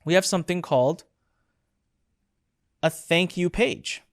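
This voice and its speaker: A middle-aged instructor running a live webinar, bursting with excitement and leaning hard on key points. Lines get repeated for emphasis, with chatty asides and filler words along the way, in a mid-range voice. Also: mid-range voice, unhurried. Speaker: online course instructor.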